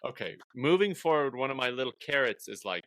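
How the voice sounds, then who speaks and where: A man hosting a casual podcast, animated and thinking aloud as he goes. His voice is bright and forward. The recording is dry and close with no room sound. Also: mid-range voice, a little fast, no echo. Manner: animated, talks through his thoughts out loud. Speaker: podcast host, comedian.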